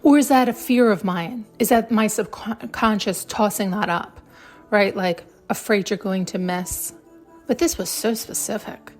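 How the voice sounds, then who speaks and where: A woman podcast host talks in a shaken, emotional ramble, close to tears and cursing now and then. Her voice sits at an ordinary pitch, and faint music plays underneath. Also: unhurried, darkish tone. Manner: emotional, rambling, swears casually. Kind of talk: intuitive reflection.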